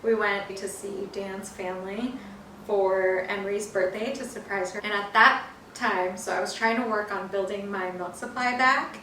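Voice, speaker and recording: A young woman from California chatting about her life in a casual video diary, telling her story with animated energy. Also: mid-range voice, moderate pace. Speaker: vlogger. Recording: roomy, from a distance, faint hiss.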